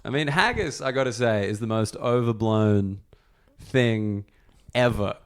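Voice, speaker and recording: A man's voice: fairly low pitch, unhurried, clean tone. An Australian man hosting a casual podcast chat, rambling with many likes and swear words. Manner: chatty, swearing, full of likes. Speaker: podcast host.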